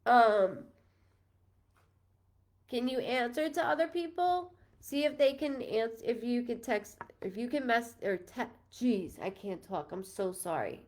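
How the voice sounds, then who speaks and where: A woman's voice: on the high side, expressive, measured pace, darkish tone. A woman in her thirties from New York, a psychic medium giving a live-streamed reading in a chatty, rambling, apologetic and emotional way. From New York, USA. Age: 30s.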